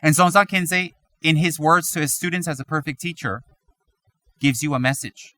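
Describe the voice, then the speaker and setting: A man giving a Buddhist teaching, animated and full of rhetorical questions, now and then mimicking other people's voices. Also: on the high side, moderate pace. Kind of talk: dharma talk.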